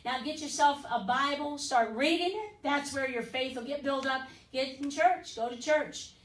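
Woman preacher, high voice, fervent and pleading, echoey room, mic a bit far off. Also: normal speed, a bit bright. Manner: fervent, pleading, peppered with "listen" and "amen?". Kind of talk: broadcast sermon and altar call.

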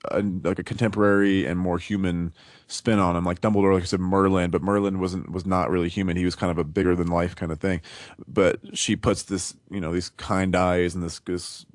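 A man's voice: low-pitched, no echo. A man co-hosting a podcast, thinking aloud through a casual book discussion. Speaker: podcast co-host.

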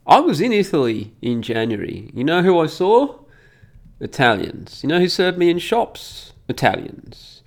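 Slightly high and creaky, this voice belongs to a middle-aged commentator from Australia. Reading through comments in an offhand monologue, he grows indignant and stresses points by saying words again.

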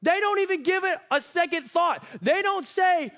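High-voiced man preaching emphatically. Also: lively intonation, moderate pace, hardly any pauses, fairly bright tone. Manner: emphatic preaching with repetition and acted quotes. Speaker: pastor. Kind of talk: sermon.

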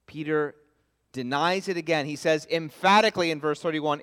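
A man's voice: fairly high pitch, normal speed, fairly bright tone, clean tone. A pastor preaching an expository sermon, earnest and emphatic as he stresses his key points. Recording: long reverb of a large hall.

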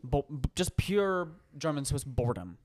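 A man's voice: on the high side, sing-song, moderate pace, a little mellow. A man in casual podcast chat, telling a rambling anecdote with many fillers and restarts.

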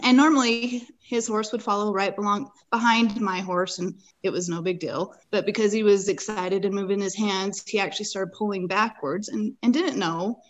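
A woman's voice: medium pitch, fairly even intonation, moderate pace, few pauses, rough recording. Earnest woman telling a detailed story. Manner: earnest, detailed, vivid retelling. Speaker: podcast guest. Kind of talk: personal storytelling in a conversation.

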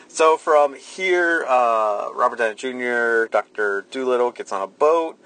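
A man's voice: mid-range voice, lively intonation, a little slow, bright, forceful tone, rough recording. A man co-hosting a podcast, recapping a movie plot and laughing at how bad it is. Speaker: podcast co-host. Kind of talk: casual movie review chat.

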